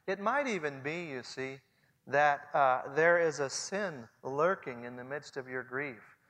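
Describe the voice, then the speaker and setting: A man in his forties preaching a sermon earnestly, swinging between hushed and loud passages. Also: fairly high pitch, expressive, unhurried. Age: 40s. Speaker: pastor. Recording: long hall reverb.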